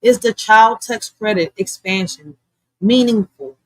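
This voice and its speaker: A woman hosting a livestream in a loose, profane, outspoken way, reading comments from her chat and firing back with laughter. Her voice sits at an ordinary middle pitch. The sound is dry and close, with no room echo. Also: a little slow. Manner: blunt, profane, laughs and reacts loudly to chat. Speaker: livestream host.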